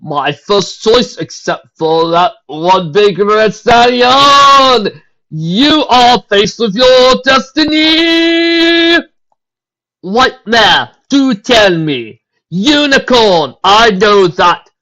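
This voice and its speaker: A woman voicing an arrogant, pompous male unicorn prince who talks slowly and boastfully. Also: fairly high pitch, lively intonation, a bit bright, voice pushed up, exaggerated voice. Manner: slow, grandly boastful. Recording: dull lo-fi recording.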